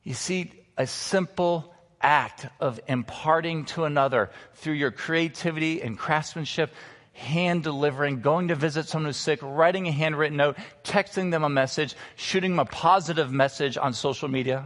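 A man pastor preaching a sermon, emphatic, slowing down to stress key words. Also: on the high side, fairly bright tone. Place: church sanctuary. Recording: long reverb of a large hall.

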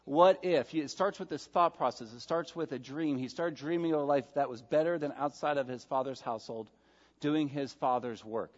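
A man's voice: medium pitch, normal speed. Man preaching in an echoing hall. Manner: emphatic, swings between loud stresses and quiet asides. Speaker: pastor. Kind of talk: sermon. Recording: dull sound with long hall reverb.

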